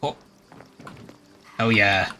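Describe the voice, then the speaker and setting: Slow, low-voiced man chuckling over a game. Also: sharp tone. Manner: chuckling, musing aloud. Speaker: streamer. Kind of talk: casual game commentary.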